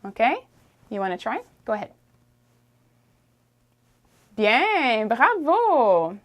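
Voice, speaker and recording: A woman teaching a French lesson, repeating phrases slowly and encouraging the learner to try. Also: fairly high pitch, very animated. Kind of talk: friendly language lesson.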